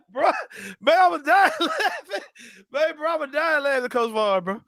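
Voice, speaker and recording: High bright-voiced man laughing. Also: sing-song, moderate pace, no room sound, clean studio sound. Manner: loud, laughing storyteller, swears freely. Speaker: host. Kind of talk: casual sports chat.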